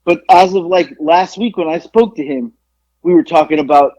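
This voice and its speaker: A man's voice: on the high side, moderate pace, mellow, no echo. A man co-hosting a podcast, telling a long story in a rambling, profane way with many restarts. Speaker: podcast co-host. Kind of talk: casual storytelling chat. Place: home studio in Georgia. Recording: dull lo-fi dry sound.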